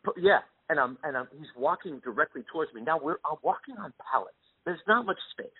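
Husky man telling a story down a phone line. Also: on the high side, a little fast, no echo. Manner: animated anecdote telling with quoted voices. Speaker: guest musician. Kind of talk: casual storytelling interview.

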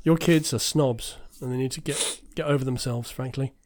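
A man from England co-hosting a podcast, chatting casually and dropping quick, wry interjections. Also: medium pitch, fairly even intonation, a little mellow, no echo. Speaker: podcast co-host. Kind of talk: casual chat.

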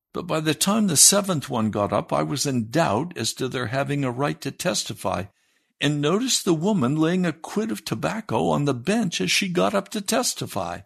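A man's voice: on the high side, sing-song, moderate pace, creaky, breathy edge. A man, a pastor, reading a story aloud in a sermon, raising his voice for the quoted lines.

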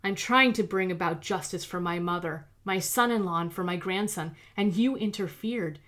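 A woman voicing a menacing, vengeful male villain who threatens and shouts. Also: on the low side, normal speed, close to an everyday voice.

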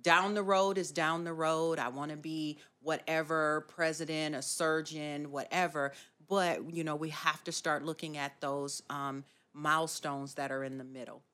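A woman's voice: deep voice, steady tone, moderate pace, few pauses, fairly bright tone. A woman hosting a podcast, talking in an earnest, encouraging way with many fillers. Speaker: podcast host. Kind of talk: casual chat.

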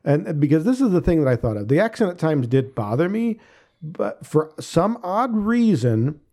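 A man's voice: on the high side, very animated, moderate pace, mellow. A middle-aged man co-hosting a casual movie review podcast, rambling and circling back with frequent restarts. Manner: rambling, restarts often, hedging. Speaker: podcast co-host.

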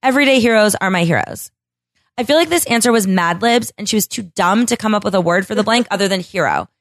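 A woman's voice: mid-range voice, sing-song, quick pace, no room sound. A woman hosting a casual podcast, blunt, profane and sarcastic as she mocks what she reads. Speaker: podcast host.

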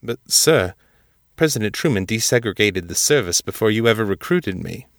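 A man's voice: on the low side, animated, normal speed, no echo. Guy doing young airman, earnest, careful, kinda hesitant, dry close sound. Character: young Black male airman, earnest and guarded.

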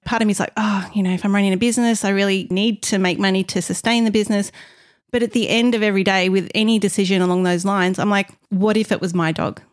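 A woman's voice: mid-range voice, fairly even intonation, quick pace. A woman with a mid-range voice co-hosts a casual podcast. She speaks earnestly and from the heart about the decisions she makes running her business. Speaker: podcast co-host, business owner.

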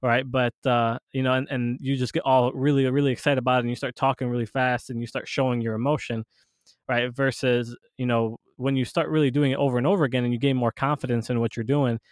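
A man's voice: medium pitch, fairly even intonation, fast talker, no echo, clean studio sound. Rambling podcast host, everyday male voice. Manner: rambling, full of restarts and "you know". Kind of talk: casual podcast chat.

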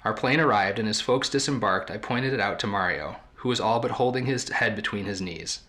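A podcast host reading a story aloud from a book in a measured, storytelling way. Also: male voice, fairly low pitch, sharp tone.

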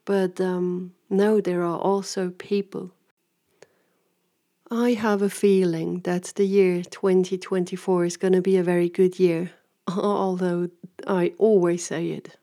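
Woman, warm relaxed timbre, chatty storyteller who rambles and laughs. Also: on the low side, slow pace. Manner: rambling, laughs often, acts out quoted voices. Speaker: vlogger and coach. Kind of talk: casual personal storytelling.

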